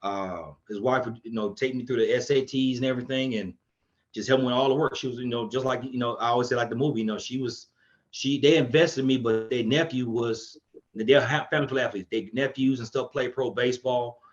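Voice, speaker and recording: Man, podcast guest, animated storyteller, medium pitch, dull lo-fi sound. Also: brisk. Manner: animated, acts out quotes in a raised voice. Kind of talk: casual storytelling chat.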